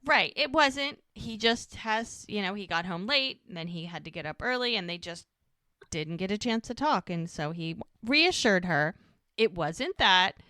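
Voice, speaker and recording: American woman, podcast co-host, bright clear voice, dry close sound, chatty rambling recap. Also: medium pitch, a little slow, no room sound. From United States. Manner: chatty, rambling, quotes characters in lively voices. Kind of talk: casual recap chat.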